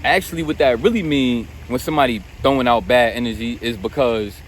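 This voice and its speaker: A man's voice: mid-range voice, fairly quick, slight background noise. A man giving an unscripted motivational rant straight to camera, blunt and profane, calling the listener bro and repeating himself. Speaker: self-help video host.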